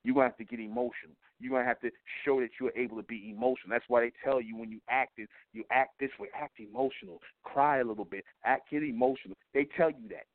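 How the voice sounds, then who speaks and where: A man's voice: medium pitch, fast, few pauses. A man with a mid-range voice lectures his radio audience in a blunt, profane, sermon-like monologue. He circles back on his points and keeps checking in with his listeners. The sound is thin and tinny, as if it came down a phone line, and it is dry, with no room echo. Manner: preachy and repetitive, keeps asking "you see?". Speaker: internet radio talk show host.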